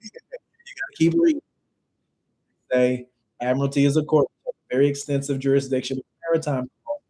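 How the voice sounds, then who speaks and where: The recording is rough, and the man's mellow, mid-range voice carries a loose, conversational livestream class. He reads out dictionary definitions and says phrases again to stress them.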